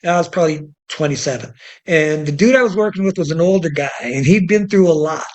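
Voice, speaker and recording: A man guesting on an interview, spinning animated stories about violence and survival. His voice sits high and he talks fast. He is blunt and swears freely. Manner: animated, profane storyteller. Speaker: self-defense instructor, guest. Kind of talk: storytelling in an interview.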